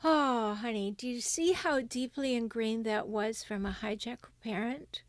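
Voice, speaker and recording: A woman's voice: fairly high pitch, a little slow, dry recording. A middle-aged woman hosting a livestream with relationship advice, speaking emphatically and reading viewer comments aloud.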